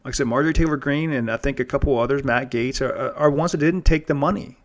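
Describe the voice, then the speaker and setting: A man's voice: mid-range voice, fast talker. A man hosting a casual monologue show, rambling and earnest, often restarting and repeating words. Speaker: podcast host.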